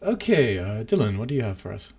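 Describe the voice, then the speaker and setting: A man's voice: fairly low pitch, sing-song, a little fast, darkish tone, breathy edge. A man co-hosting a podcast, chatting casually and rambling, with lots of fillers and restarts. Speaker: podcast co-host.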